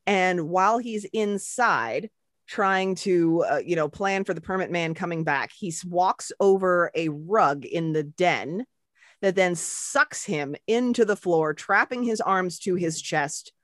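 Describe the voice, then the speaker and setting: A woman's voice: lowish voice, measured pace, no room sound, studio quality. A woman co-hosting a podcast, retelling movie scenes in casual, profane chat. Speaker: podcast co-host.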